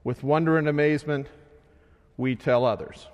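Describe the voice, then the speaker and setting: A man preaching a sermon in a slow, measured way, his voice swelling loud and then sinking soft. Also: fairly high pitch, animated, dull audio. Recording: long hall reverb.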